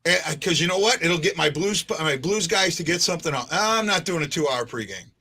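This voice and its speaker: Male fan-show host, bright and slightly high voice, loose rambling delivery with restarts. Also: lively intonation, brisk, husky. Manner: rambling, repeats himself and restarts. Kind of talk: casual live-stream chat.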